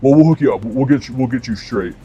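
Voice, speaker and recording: A man voicing a laid-back, smooth-talking male barbershop manager in an easygoing, placating way. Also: medium pitch, fast, dark tone, lo-fi sound, a little hiss or hum, natural voice.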